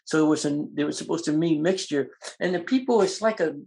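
Gravelly older man telling stories. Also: fairly high pitch, quick pace. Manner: animated, acts out quoted voices. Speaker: guest. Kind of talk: storytelling in an interview.

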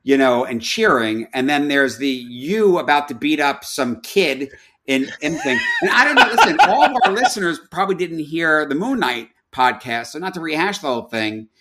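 Uomo che divaga, pieno di intercalari. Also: male voice, fairly high pitch, sing-song, moderate pace, fairly bright tone, slight background noise. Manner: rambling, many fillers. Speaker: podcast guest. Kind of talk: casual movie review chat.

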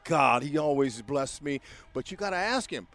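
Lively older storyteller man. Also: on the high side, normal speed, a crowd in the background. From Fresno, California. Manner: lively storyteller, slangy, acts out dialogue, repeats words. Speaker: baseball broadcaster, guest. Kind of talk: animated anecdote-telling.

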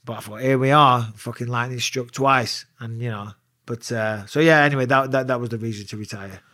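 A man's voice: mid-range voice, a little fast, no room sound, clean studio sound. A man, a retired fighter, telling a wild story as a guest in a casual interview, swearing freely. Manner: profane, animated storyteller.

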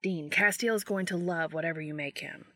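A woman's voice: low-pitched, fairly quick, bright, forceful tone, no echo, studio quality, exaggerated voice. Woman reading a teasing younger brother. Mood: exasperated. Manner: teasing, exasperated. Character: laid-back younger brother, teasing man. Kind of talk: fan audiobook reading.

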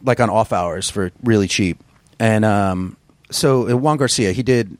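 A man who is a musician, telling stories in a casual interview, rambling and profane with a gruff voice. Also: on the low side, a little mellow, no echo. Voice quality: gruff singer's voice. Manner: rambling, profane, self-deprecating storyteller. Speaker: musician guest.

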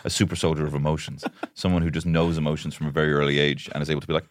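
A man's voice: rumbling low, very fast, few pauses, no echo, clean studio sound. A young Irish man co-hosting a podcast, telling stories with lots of acted-out quotes in a raised voice. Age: young adult. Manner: animated, acts out quotes in big raised voices. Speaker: podcast co-host. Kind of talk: casual comedic chat.

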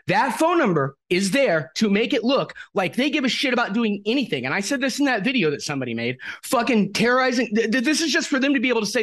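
Podcast host, male, higher voice, animated delivery, furious swearing rant. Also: quick pace, hardly any pauses. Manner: angry ranting, heavy swearing. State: upset to the point of tears. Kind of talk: casual chat.

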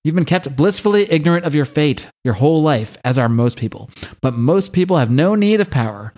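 Man doing a high-ish, breezy comic-book mage mentor, lecturing. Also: expressive, brisk, a little mellow. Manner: lecturing, upbeat. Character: chatty legless male mage mentor.

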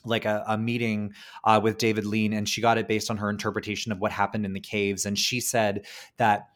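A fairly low-voiced man talking on a podcast, chatty and loose. He fills his sentences with "like" and "um" and drops the occasional curse, in a relaxed, unscripted conversation about movies. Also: brisk. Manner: chatty, heavy on "like" and "um", casual swearing. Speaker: podcast co-host. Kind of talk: casual film discussion.

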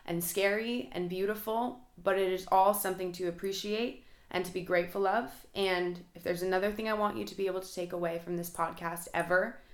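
Young woman podcaster, low-ish voice, chatty and excited, bit of room echo. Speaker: podcast host. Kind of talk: casual solo podcast talk. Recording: roomy echo.

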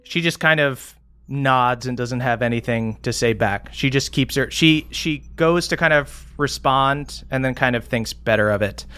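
A man's voice: mid-range voice, normal speed, sharp tone, clean tone. A man running a tabletop game as game master, narrating casually with many hesitations.

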